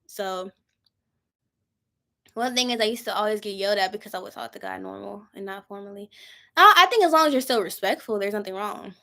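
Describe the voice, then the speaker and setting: A woman's voice: mid-range voice, a little fast, vocal fry, bright, forceful tone. A woman in her twenties leading a Bible study in a casual, informal way, acting out her own prayers as she talks. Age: 20s.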